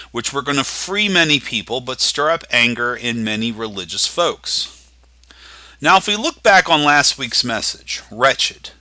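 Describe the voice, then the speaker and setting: A man preaching a sermon as pastor, teaching with emphatic, slowly stressed phrases. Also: medium pitch, sharp tone, no echo.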